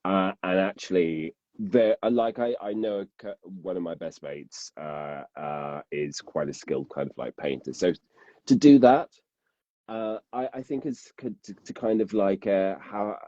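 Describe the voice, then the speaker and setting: A man's voice: low-pitched, unhurried, mellow, dry recording, dull audio. A man, a narrator and podcast guest, talking casually and rambling, restarting sentences and laughing often.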